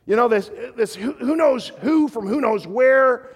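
A man voicing a surly, contemptuous rich man who sneers and shouts his lines. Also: very high voice, expressive, measured pace, husky, pitched above the performer's own voice, exaggerated voice. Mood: scornful. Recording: reverberant hall.

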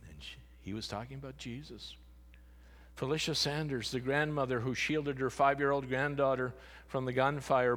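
A male pastor delivers a sermon in an earnest voice of middle pitch. His voice often falls to a hushed tone at solemn points. The sound carries a long reverb from a large church hall.

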